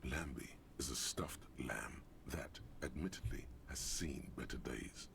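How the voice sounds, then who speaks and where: A man voicing a deep, gravelly omniscient narrator in a video game, reading the story in a scripted way. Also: unhurried, a bit bright, slight background noise, heavily acted. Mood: measured.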